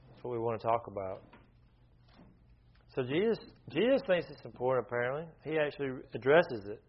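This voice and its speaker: A man with a mid-range voice leads an informal Bible study, speaking in a brisk, animated, conversational way. He often restarts his sentences and puts questions to the group. The recording is dull and lo-fi.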